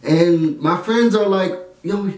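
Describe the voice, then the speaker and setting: A young man, telling an animated storytime with a high, lively voice. He sits back from the mic in an echoey room and keeps slipping into other people's voices. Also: measured pace, distant mic. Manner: animated, acts out friends' voices, laughs often.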